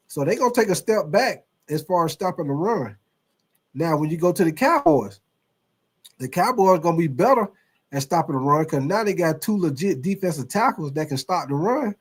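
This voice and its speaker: Animated man hosting a sports livestream. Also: a little high, slightly rough. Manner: animated, slangy, reads out viewer comments. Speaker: host. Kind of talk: casual sports livestream talk.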